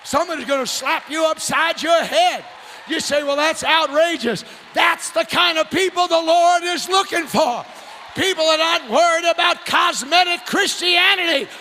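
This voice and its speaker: A man preaching a fiery revival sermon, shouting and whooping in a folksy, rousing way. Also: extremely high pitch, normal speed, a faint crowd, a little hiss or hum. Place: church sanctuary.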